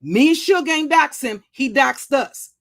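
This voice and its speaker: Older woman, pitch a bit high, profane, threatening, restarts and stammers. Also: animated, measured pace, creaky. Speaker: YouTube commentary channel host. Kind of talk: blunt monologue vlog.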